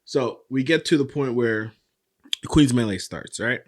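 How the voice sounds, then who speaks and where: A man co-hosting a casual podcast, recapping a story with lots of profanity and animated delivery. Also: medium pitch, normal speed. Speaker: podcast co-host. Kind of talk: casual chat.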